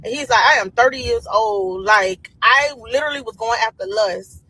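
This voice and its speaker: Husky woman retelling gossip. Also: a little high, moderate pace, bright, forceful tone, no room sound, rough recording. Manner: gossipy, retells with quoted voices. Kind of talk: casual storytelling rant.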